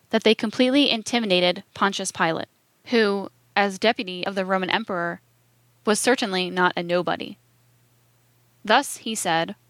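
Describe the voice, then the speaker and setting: A woman reading a book aloud in a measured, even way. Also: medium pitch, dry recording. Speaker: reader.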